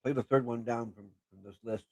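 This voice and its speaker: A man's voice: mid-range voice, steady tone, brisk, mellow, no room sound. A man co-hosting a casual live stream, joking and self-deprecating. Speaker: show co-host.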